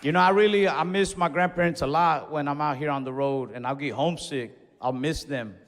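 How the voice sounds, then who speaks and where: A young man doing a stand-up comedy set, telling stories in a laid-back, deadpan way with quick asides. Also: a little high. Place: comedy club stage. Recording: reverberant club hall with faint crowd noise.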